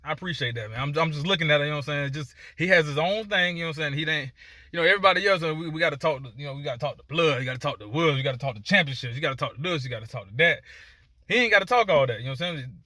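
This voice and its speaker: A man chats casually as a dog breeder, circling back with fillers and restarts. His voice sits a touch high and bright. The recording is close and dry, with no room sound. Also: racing, no room sound. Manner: conversational, many fillers and restarts. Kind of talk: casual opinion vlog.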